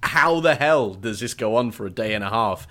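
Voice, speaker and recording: Playful man with a low voice. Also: normal speed. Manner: animated, playful, wry asides. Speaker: podcast co-host. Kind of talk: casual book discussion.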